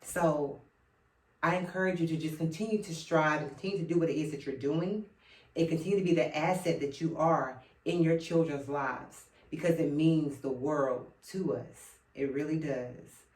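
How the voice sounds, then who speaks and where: A woman's voice: low voice, normal speed, darkish tone. A woman in her thirties giving an earnest personal monologue. She speaks straight to her listeners and keeps coming back to the same phrases. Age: 30s. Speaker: speaker addressing men. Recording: roomy sound from a distant mic.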